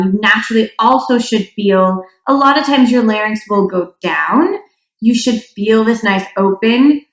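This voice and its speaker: A woman's voice: mid-range voice, a bit bright. A young adult woman from North Dakota teaching a singing lesson, chatty, with demonstration sounds. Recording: echoey room.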